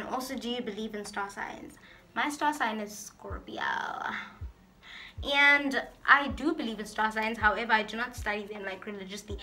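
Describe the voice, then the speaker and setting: A woman's voice: medium pitch, fairly even intonation, normal speed, bright, forceful tone, soft background music. A woman vlogger chatting casually through a get-to-know-me Q&A, reading out each question and answering it in a playful, talkative way.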